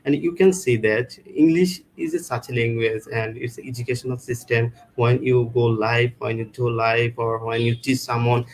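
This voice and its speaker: Halting male live-show host. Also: medium pitch, poor audio. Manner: halting, loose phrasing with many restarts. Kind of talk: casual live-stream chat.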